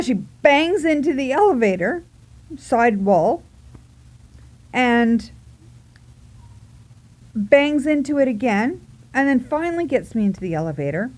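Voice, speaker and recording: A woman vlogger telling a funny personal story in a casual, animated way, giggling and acting out her own reactions. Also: on the high side.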